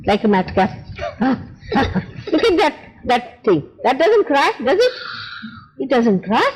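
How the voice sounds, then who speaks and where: A woman's voice: sits high, big pitch swings, slow, a little mellow. A woman leading a ritual gathering, giving informal instructions and coaxing children with repeated, motherly urging. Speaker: spiritual teacher leading a ceremony. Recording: noisy live event recording.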